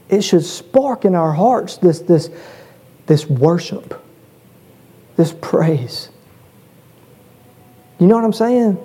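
A man's voice: sits high, dark tone. A man preaching a sermon, earnest and rising to emphatic peaks, often repeating words as he stresses a point.

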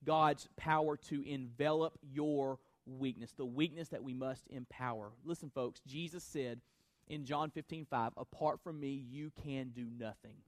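A man's voice: mid-range voice, steady tone, a little slow, no echo. A male pastor preaching a sermon to his congregation, building emphasis and speaking directly to the listeners.

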